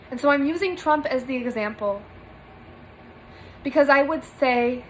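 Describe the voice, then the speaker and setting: A woman's voice: on the high side, a little hiss or hum, poor audio. A young woman giving an earnest spiritual monologue to camera from a small room, emphatic and repeating phrases for stress. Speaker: spiritual vlogger.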